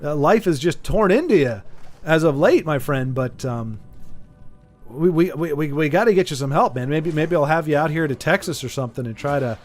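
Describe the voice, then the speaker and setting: A man's voice: a little high, animated, moderate pace. A man streaming a game, chatting casually and rambling with stammers and repeated words as he answers viewer chat. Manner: reads viewer chat aloud and teases. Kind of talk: casual chat while gaming.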